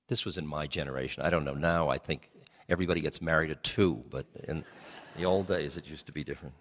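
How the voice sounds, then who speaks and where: Deep-voiced older man giving a talk. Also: fairly bright tone. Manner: laughing, unhurried storyteller, shifting pace. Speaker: speaker on change and spirituality. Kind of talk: storytelling talk to an audience. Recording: long hall reverb.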